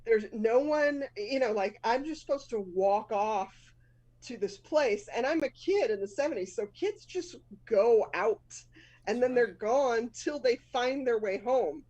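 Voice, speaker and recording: A woman's voice: on the high side, expressive, unhurried, a little mellow, highs cut off. A woman in her fifties with a Boston accent, hosting a live storytelling show, telling a personal story candidly and laughing often at herself.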